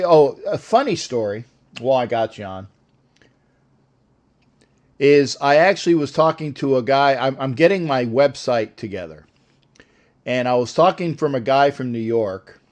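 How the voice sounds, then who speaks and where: An older man hosting a sports show, rambling and joking with callers in a casual live-stream chat. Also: on the high side.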